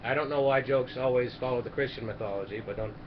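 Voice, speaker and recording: A man's voice: medium pitch, quick pace. A man casually telling long jokes with rambling asides and restarts, hosting a charity stream. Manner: rambling, self-interrupting storyteller with asides. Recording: lo-fi stream audio with background noise.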